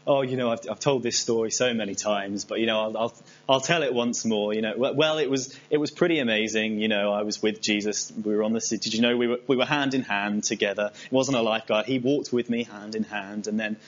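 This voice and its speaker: A preacher doing an old Peter, chatty and proud. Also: male voice, lowish voice, steady tone, a little fast, pitched below the performer's own voice, close to an everyday voice. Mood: fond, boastful. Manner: chatty, rambling, fond. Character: apostle Peter as an older man proudly retelling his story. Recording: slightly dull recording with faint hum.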